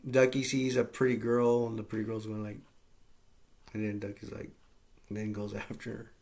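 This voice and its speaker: A man's voice: fairly low pitch, monotone, moderate pace, a little mellow. A man casually recapping and reviewing a movie, rambling with lots of fillers and getting enthusiastic.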